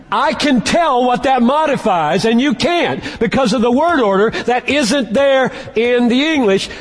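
A man preaching with a high, animated voice that leaps up and down. He speaks slowly and leans hard on key words, and his voice rings out with a long reverb like a large church sanctuary. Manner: emphatic preaching, slowing down to stress key words. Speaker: pastor. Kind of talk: sermon.

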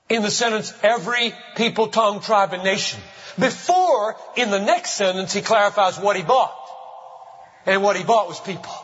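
A man's voice: sits high, a bit bright. Emphatic man preaching in an echoey hall. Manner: emphatic preaching with slow stressed phrases. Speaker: pastor. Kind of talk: sermon. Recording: muffled hall reverb.

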